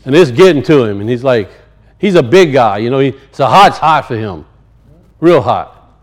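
A man preaching a sermon and telling stories, swinging from loud high peaks to low muttered asides. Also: expressive, moderate pace, low-quality recording. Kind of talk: sermon with storytelling.

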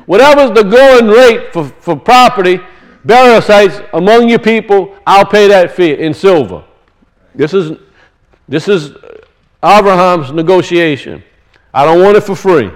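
A man's voice: sits high, expressive, measured pace, low-quality recording. A man preaching a sermon, teaching through rhetorical questions and emphatic repetition.

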